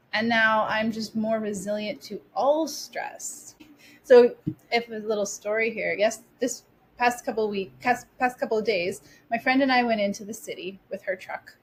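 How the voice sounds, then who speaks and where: A woman in her forties, a podcast guest telling stories in a chatty, animated way with lots of restarts. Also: mid-range voice, slight background noise. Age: 40s. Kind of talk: casual interview storytelling.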